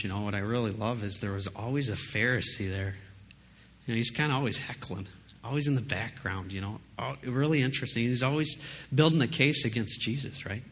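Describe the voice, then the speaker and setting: A preacher with a medium-pitched, fairly bright voice talks a little fast over a slight hiss or hum. His casual sermon is emphatic and conversational, full of asides to listeners and frequent "you know" and "right?".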